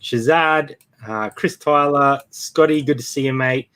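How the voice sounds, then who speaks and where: With a smooth, fairly bright, medium-pitched voice at a measured pace, an Australian co-host of a live reselling show chats easily and calls out names from the chat.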